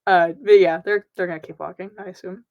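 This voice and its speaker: Soft, hesitant woman player; lower voice. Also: fairly even intonation, fast, highs cut off. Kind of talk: tabletop role-play.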